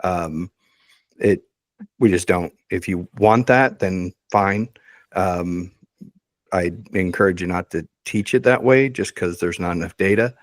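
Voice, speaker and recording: A man co-hosting a Bible podcast, speaking in a measured, reassuring way with frequent ums. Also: low voice, no room sound. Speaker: podcast co-host. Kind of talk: casual podcast discussion.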